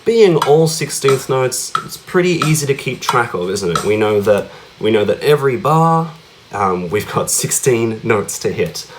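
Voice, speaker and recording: Very animated yet unhurried, a mid-range male voice leads a casual cajon rhythm lesson with slight background noise. He talks a lot, counting beats aloud and vocalizing drum sounds, and frequently tacks on questions like "yeah?" and "right?".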